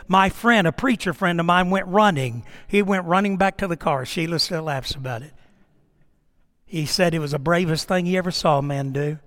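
A middle-aged man preaching a sermon as pastor, swinging between emphatic rises and hushed drops. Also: high-pitched. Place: church sanctuary. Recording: long reverb of a church hall.

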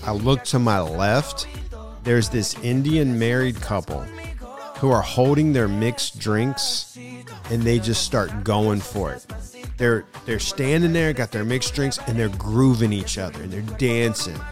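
A middle-aged man hosting his podcast, telling a vacation story in a casual, excited way and calling the listener "dude" a lot. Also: mid-range voice, measured pace, over music. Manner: excited, slangy, keeps saying "dude". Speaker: podcast host.

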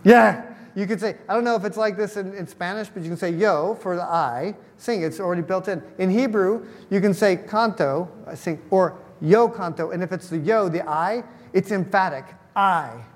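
A man with a fairly high voice preaches a sermon as a pastor. He keeps it conversational, often stopping to ask the congregation questions. His voice rings out with a long hall reverb. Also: moderate pace, hardly any pauses.

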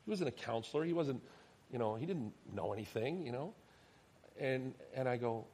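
Animated pastor telling a story. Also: male voice, medium pitch, a little fast, a little hiss or hum. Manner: animated storyteller, acts out quoted dialogue, drops to soft tones. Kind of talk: sermon storytelling.

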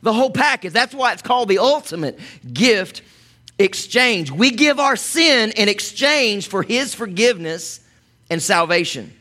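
A man's voice: sits high, lively intonation, a little slow, pushed and bright. A man preaching a sermon as pastor, chatty and conversational, with asides to the congregation.

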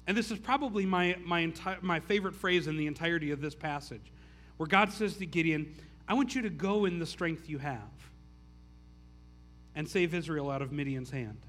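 A man's voice: a little high, moderate pace, fairly bright tone. A man preaching a conversational sermon, often restarting phrases and saying "like" as he retells the story. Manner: casual, stammering restarts, frequent "like". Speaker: pastor.

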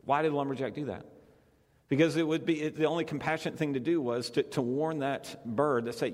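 A man's voice: medium pitch, moderate pace, a little mellow. A male pastor preaching a conversational sermon to a congregation, repeating phrases for emphasis. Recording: long hall reverb.

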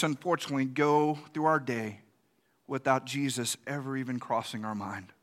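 A man's voice: medium pitch, normal speed, fairly bright tone. A male pastor giving a conversational sermon, asking the congregation questions and acting out quoted reactions.

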